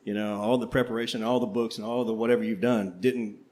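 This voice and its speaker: A man's voice: on the low side, fairly even intonation, quick pace, darkish tone. An older man co-hosting a casual panel chat, rambling and reflective. He laughs easily as he talks. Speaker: co-host, history teacher. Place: coffeehouse before a live audience.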